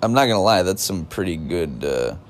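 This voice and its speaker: A man's voice: deep voice, sing-song, fairly quick. A man delivering a rambling, scornful comedic rant, often breaking off and restarting his sentences. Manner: rambling, self-interrupting, scornful.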